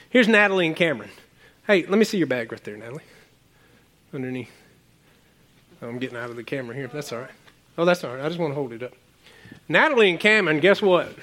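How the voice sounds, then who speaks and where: A high-voiced male pastor delivers a lively sermon. He teases his listeners in a casual way and climbs to excited, emphatic peaks. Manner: casual and joking with the congregation.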